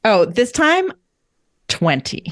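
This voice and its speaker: A woman playing in a tabletop game, chatting in a halting, easygoing way with frequent laughs. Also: on the high side, sing-song, fairly bright tone, no echo. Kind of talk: casual game table chat.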